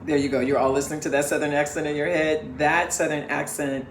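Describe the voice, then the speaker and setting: A middle-aged woman co-hosting a family podcast, explaining things at length in a measured, emphatic way. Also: sits low, fairly even intonation. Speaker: podcast co-host, parent. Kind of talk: casual family podcast chat. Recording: echoey room, faint background hiss.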